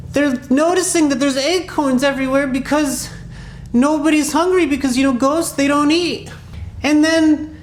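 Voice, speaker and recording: A woman's voice: sits high, echoey room. A woman telling an improvised children's story in a clown persona, rambling and playful with asides.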